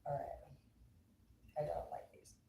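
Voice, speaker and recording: A woman's voice: slow, mellow. A woman livestreaming casual chat, rambling and cursing freely with lots of filler words. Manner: rambling, profane, filler-heavy talk. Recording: echoey room, far from mic, faint noise.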